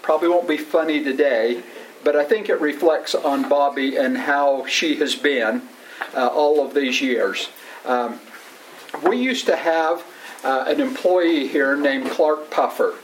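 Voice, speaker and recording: Brief: male coworker, halting anecdote-teller at a retirement event. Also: on the high side, slight background noise, low-quality recording. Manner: rambling, halting, laughs through his story. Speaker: coworker giving a retirement tribute. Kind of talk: storytelling speech at a farewell gathering.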